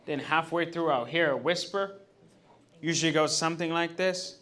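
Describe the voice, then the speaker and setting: Bright-voiced stand-up comedian. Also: male voice, a little high, moderate pace. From Uganda. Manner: conversational storytelling. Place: comedy club stage.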